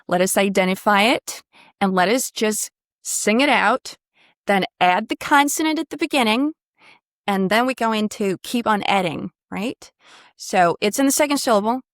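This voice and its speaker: A woman's voice: mid-range voice, no echo, clean studio sound. A woman coaching pronunciation one-on-one. She models sounds, sings them out and praises often.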